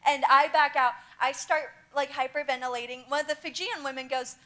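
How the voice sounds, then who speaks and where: A young woman telling lively anecdotes from a mission trip to a church youth group. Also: high voice, brisk.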